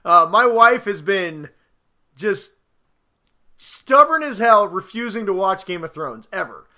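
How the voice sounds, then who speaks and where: A man in his thirties co-hosting a casual podcast, telling a story with lively quoted voices. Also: high-pitched, unhurried. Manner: animated storyteller, acts out quotes loudly. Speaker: podcast co-host. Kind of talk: casual chat.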